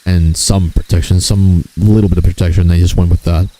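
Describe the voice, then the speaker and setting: A man's voice: deep voice, level tone, fairly quick, mellow. A man chatting casually on his gaming stream, joking crudely and swearing freely. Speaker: VTuber streamer.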